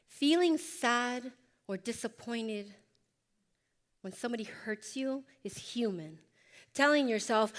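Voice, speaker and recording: A woman's voice: a little high, a little slow, long pauses, a bit bright. A woman presenting a workshop, speaking emphatically and directly to her audience as she coaches them. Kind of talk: motivational workshop talk.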